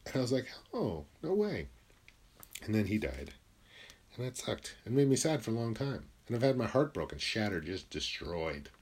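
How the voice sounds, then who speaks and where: A man's voice: sing-song, fairly quick, breathy edge. Blunt, confessional man from Connecticut. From Connecticut, USA. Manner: blunt and confessional, swears freely, drops into quiet low asides. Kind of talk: candid personal monologue.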